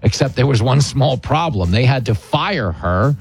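A man's voice: medium pitch, lively intonation, moderate pace, creaky, breathy edge. A man hosting a talk radio show, chatting in a sarcastic, mocking way. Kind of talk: opinionated talk radio chat.

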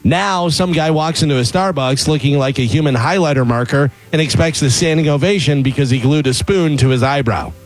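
A man with a somewhat high voice reads a scripted open letter as a comic rant. His delivery is sarcastic and mocking. Faint music plays underneath the recording. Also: fairly quick, few pauses. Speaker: comedy segment writer.

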